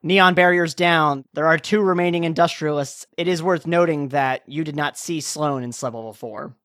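A man's voice: on the high side, fairly even intonation, moderate pace, no echo, clean studio sound. A man narrating a tabletop game as game master, describing the scene loosely with plenty of "like" and "kinda".

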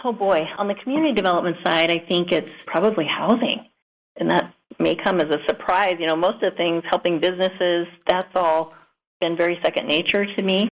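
A woman in her fifties from South Dakota talks as a guest on a radio show, with a lowish voice for a woman. She sounds earnest and upbeat. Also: fairly quick, low-quality recording. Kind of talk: radio interview.

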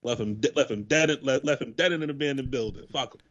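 Male co-host, rapid slangy banter, lively pitch, dull lo-fi audio. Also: no echo. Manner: fast, slangy, joking rants. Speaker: podcast co-host. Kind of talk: casual chat.

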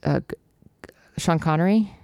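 A woman with a low, deep-set voice co-hosts a chatty podcast. She reads a romance novel aloud and keeps stopping to joke and laugh about it. The recording is dry and close, with no room sound. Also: unhurried, creaky, dark tone, dry recording. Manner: jokey, laughing, breaks off reading to comment. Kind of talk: casual chat with playful read-aloud.

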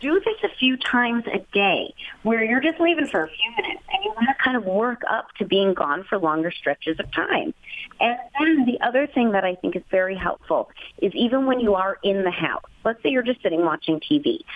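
A woman's voice: mid-range voice, lively intonation, normal speed, no echo. A chatty woman offers friendly, practical pet advice in an encouraging tone. Her voice comes through a tinny, narrow telephone line. The sound is dry, with no room around it. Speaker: pet expert guest. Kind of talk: casual advice on a phone interview.

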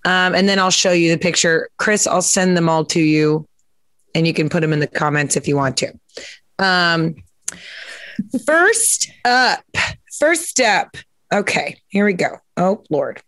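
A woman hosts a podcast in a casual, chatty interview style, giggling and using lots of fillers as she reads captions aloud. Her voice sits on the low side, with a moderate pace and a fairly bright tone, in a dry recording.

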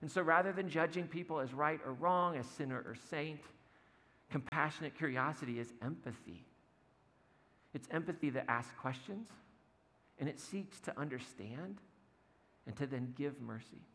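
Male pastor, gravelly, easygoing storyteller; church-hall echo, soft music behind. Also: fairly high pitch, normal speed. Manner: storytelling, acts out quotes with humor. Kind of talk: conversational sermon.

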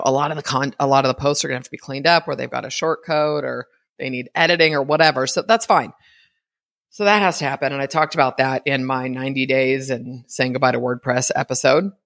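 A woman's voice: extremely low pitch, a bit bright, dry recording, studio quality. A woman hosting her own podcast, giving a chatty, rambling solo update with many fillers. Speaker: podcast host.

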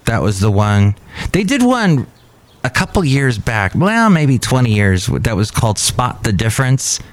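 A man in his fifties hosting a podcast, rambling casually and poking fun at himself. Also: medium pitch. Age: 50s. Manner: rambling, self-deprecating. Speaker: podcast host. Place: cafe.

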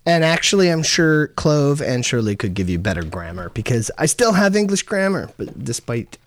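A man's voice: medium pitch, very animated, normal speed, a little hiss or hum. A man from Canada co-hosting a podcast, rambling through crude, joking casual banter. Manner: joking, rambling, breaks into mock French. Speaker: podcast co-host.

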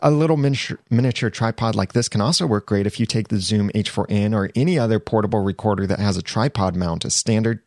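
Host type: man, lowish voice, casual gear explainer, dry close sound. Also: darkish tone, dry recording. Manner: chatty, self-correcting, slows down to stress items. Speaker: podcast host reviewing gear.

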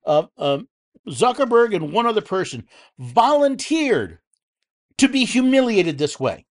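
A man hosting a political commentary show, speaking angrily and heatedly, with frequent restarts and repeated words. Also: sits high. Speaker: host.

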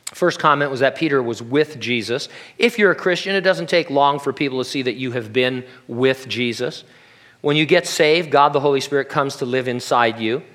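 A pastor preaching a sermon in a conversational way, with jokey asides. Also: male voice, medium pitch, normal speed, fairly bright tone.

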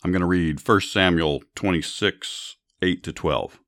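A man hosting a podcast, narrating Bible stories with commentary in a steady, measured reading. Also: sits low, no echo. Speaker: podcast host.

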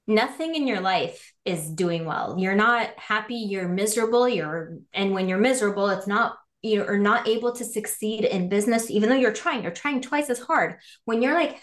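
A woman guest on a podcast, chatting animatedly and illustrating her points with examples. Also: a little high. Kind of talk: casual chat.

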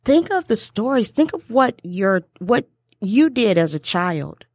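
A woman's voice: mid-range voice, big pitch swings, darkish tone, dry recording, studio quality. A middle-aged American woman hosting a podcast, chatting in an upbeat, emphatic way. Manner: upbeat, emphatic, drawn-out listing. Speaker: podcast host. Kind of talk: casual podcast conversation.

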